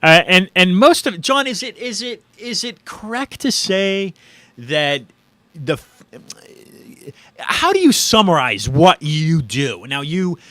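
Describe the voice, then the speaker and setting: A man hosting a casual interview, asking halting questions with stammered restarts. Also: sits high, big pitch swings, bright, forceful tone, no room sound. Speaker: podcast host.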